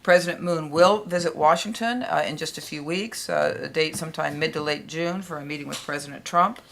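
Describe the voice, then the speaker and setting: A woman's voice: low-pitched, a little fast, vocal fry, a little hiss or hum. A woman giving remarks on a policy panel, speaking with many hesitations and fillers.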